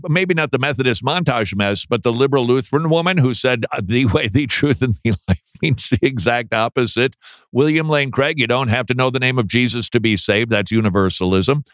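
A man's voice: medium pitch, fairly bright tone, no room sound, studio quality. Emphatic, sarcastic male radio host. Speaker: radio talk show host. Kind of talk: radio commentary.

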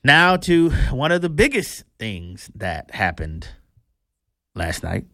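A man's voice: mid-range voice, big pitch swings, slow, pushed and bright, dry recording, studio quality. A man hosting a political commentary show, talking in a chatty, amused way.

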